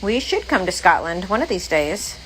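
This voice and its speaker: A woman's voice: fairly low pitch, sing-song, moderate pace, a bit bright, poor audio. Woman livestream co-host, casual and blunt, reads comments aloud, some swearing.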